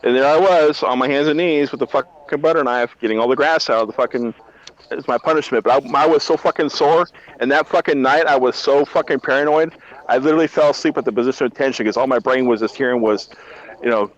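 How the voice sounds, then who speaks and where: A man who is a retired army drill sergeant, telling profane, animated barracks stories in casual chat. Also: medium pitch, quick pace, highs cut off.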